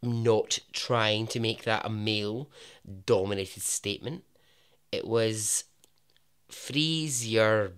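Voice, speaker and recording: A Scottish man hosting a podcast, narrating a true story in a chatty way with jokey asides and a lowered voice for emphasis. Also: slow pace, a bit bright, clean tone. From Scotland. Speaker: podcast host.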